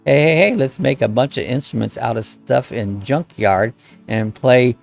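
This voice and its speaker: Reading viewer comments aloud and greeting people by name, a middle-aged man rambles folksily through a relaxed live-stream chat at normal speed. His medium-pitched voice has a rough, gravelly edge, and faint music plays softly in the background.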